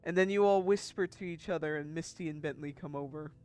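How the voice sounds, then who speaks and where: A game master narrating a tabletop role-playing game in a relaxed, chatty way. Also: mid-range voice, fairly quick, soft background music.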